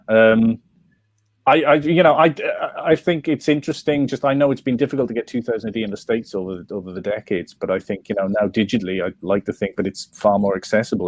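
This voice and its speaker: A man's voice: fairly low pitch, darkish tone, no echo. Rambling Welsh man, dry sound. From Wales. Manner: rambling, many restarts and fillers. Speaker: comics writer. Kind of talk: interview conversation.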